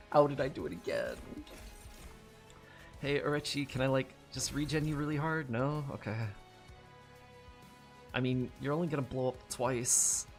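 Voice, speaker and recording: A man's voice: mid-range voice, lively intonation, measured pace, long pauses, faint music behind. A man giving casual let's-play commentary on a card game, swearing often and laughing at his own mistakes in frustration. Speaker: gamer playing a card game.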